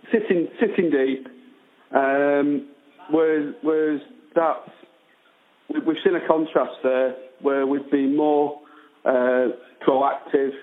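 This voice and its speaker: A man chatting as a guest fan on the phone, hesitant and full of restarts. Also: mid-range voice. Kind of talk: casual chat. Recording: tinny phone line.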